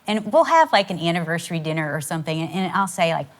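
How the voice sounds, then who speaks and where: Chatty middle-aged woman, lower voice. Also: expressive, fast. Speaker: podcast co-host. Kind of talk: casual chat.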